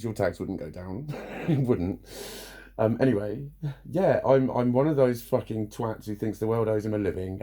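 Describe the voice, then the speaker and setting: A man's voice: fairly low pitch, mellow. A man venting bluntly in a casual vlog, swearing freely and laughing between points. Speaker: vlogger. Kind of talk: casual rant to camera.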